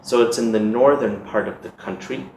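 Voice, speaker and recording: A man from the United States teaching an exam preparation lesson in a measured, explanatory way, reading out sample questions. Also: medium pitch, darkish tone. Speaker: English teacher. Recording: echoey room with background noise.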